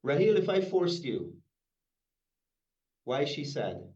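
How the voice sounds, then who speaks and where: A man's voice: fairly high pitch, takes it slowly. A man teaching a workshop, calling on participants by name and asking them questions, in a room recorded from a distance. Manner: lively, questioning the group by name. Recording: roomy, distant, dull sound.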